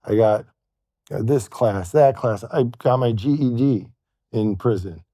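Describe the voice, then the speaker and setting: A man telling a long personal story as a podcast guest, halting and quoting what others said to him. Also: on the low side, warm tone, dry recording, studio quality. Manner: halting, retells events with quoted dialogue. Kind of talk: storytelling in conversation.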